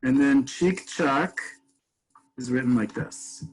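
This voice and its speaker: A man's voice: mid-range voice, takes it slowly, slight background noise, poor audio. A man teaching a webinar over a video call, explaining things step by step and answering questions from the chat. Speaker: Hebrew teacher.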